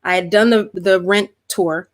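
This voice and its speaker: A woman's voice: medium pitch, unhurried. A middle-aged woman, a guest performer, chatting animatedly on a video call with many restarts and fillers. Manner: animated, talks with her hands in words, many restarts and "like". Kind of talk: casual video-call chat.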